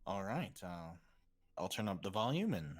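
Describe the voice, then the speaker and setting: A man's voice: low-pitched, big pitch swings, moderate pace. Laid-back man playing a tabletop game. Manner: laid-back, speaks in character as a security guard. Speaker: player. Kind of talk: casual tabletop role-play.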